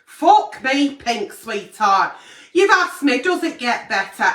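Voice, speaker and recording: A brash woman hosts a late-night advice show. She is blunt and swears through every answer, and her voice is high and bright. The echoey room and her distance from the mic make her sound a little far off. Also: big pitch swings, slow. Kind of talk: late-night agony aunt chat.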